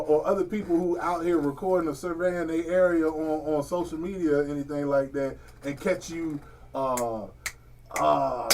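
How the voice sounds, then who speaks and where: A man's voice: a little high, a little mellow, far from the mic. A man hosting a casual podcast, telling a profane story and laughing through it. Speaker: podcast host.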